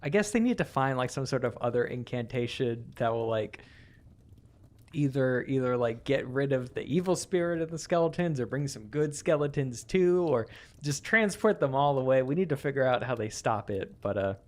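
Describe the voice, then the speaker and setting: A man's voice: mid-range voice, animated. A man co-hosting a comedy podcast, brainstorming a movie plot in a rambling, hesitant way. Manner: rambling, hesitant, quick to laugh. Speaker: podcast co-host.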